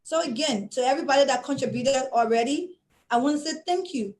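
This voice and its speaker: A woman's voice: high-pitched, fairly quick, darkish tone, low-quality recording. Earnest, emotional woman from Liberia. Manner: earnest, emotional, repeats phrases. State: tearing up. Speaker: guest, project founder. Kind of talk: impassioned closing appeal.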